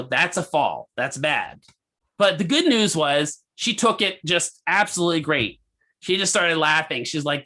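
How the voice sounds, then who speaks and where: A man lecturing a physical therapy class, with a bright, forceful voice sitting a little high. He tells a clinical case like a story and stops to quiz his students. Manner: animated storyteller, asks the class questions.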